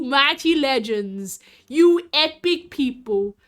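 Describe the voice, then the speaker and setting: A woman's voice: high voice, very animated, takes it slowly. A woman streamer, chatting casually and bubbly with her chat. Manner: bubbly, giggly, talks to chat.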